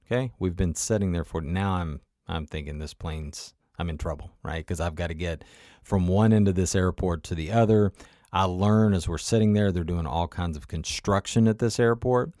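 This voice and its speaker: A man's voice: low-pitched, moderate pace, a little mellow, dry recording, studio quality. A man telling a personal travel story in a conversational, motivational way, often turning to the listener with asides.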